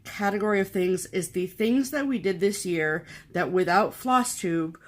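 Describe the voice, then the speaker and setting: A woman's voice: medium pitch, normal speed. A woman co-hosting a cross-stitch channel in casual chat, sentimental and talkative, running through long lists of things.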